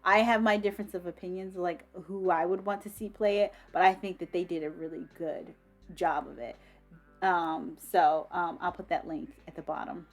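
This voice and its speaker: Excitable woman gushing over books. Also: on the low side, moderate pace, soft background music. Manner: enthusiastic, swears freely, many ums and restarts. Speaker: book vlogger. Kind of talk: casual book review.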